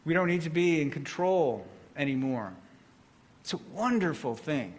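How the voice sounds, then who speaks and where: A man preaching a sermon, with a slow, deliberate delivery and measured pauses. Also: on the high side, lively intonation.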